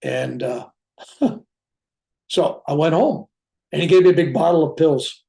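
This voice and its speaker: A man, a reverend, telling a personal story in an animated way, acting out the people he quotes. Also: a little high, slow, creaky. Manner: animated retelling, acting out quoted voices, chuckling asides. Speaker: reverend sharing a spiritual experience.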